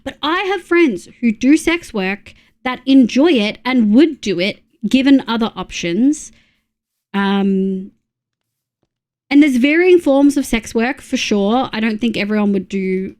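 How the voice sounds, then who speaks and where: A woman's voice: fairly high pitch, expressive, measured pace, darkish tone. A young Australian woman streaming live, chatting casually and bluntly with her chat while she plays, greeting viewers and humming as she builds.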